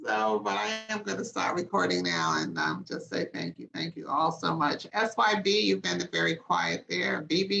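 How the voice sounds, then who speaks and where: Gravelly bright-voiced woman hosting a call. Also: lowish voice, poor audio. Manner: friendly wrap-up, thanks attendees. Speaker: host. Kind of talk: hosting a group video call. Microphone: video call.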